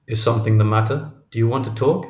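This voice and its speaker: A man playing a quiet, guarded professor. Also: mid-range voice, quick pace, close to an everyday voice. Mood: hushed. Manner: quiet, careful murmur. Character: middle-aged male professor, gentle but guarded. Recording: roomy echo.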